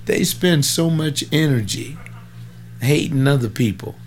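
A man's voice: a little high, a little slow, slight background noise. A man in his seventies preaching in an informal, rambling way, fervent, with folksy asides and sudden bursts of emphasis. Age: 70s.

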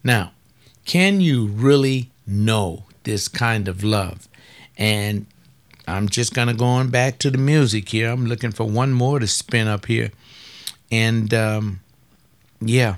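A man's voice: on the low side, slow. Man preaching casually between songs. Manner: conversational, asks many rhetorical questions. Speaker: radio host and preacher.

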